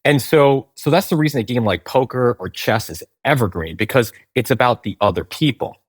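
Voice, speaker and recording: A man's voice: medium pitch, expressive, a little fast, slightly rough, no room sound. A man, a game company founder, explaining in a conversational interview, tagging points with "right?" and restarting sentences.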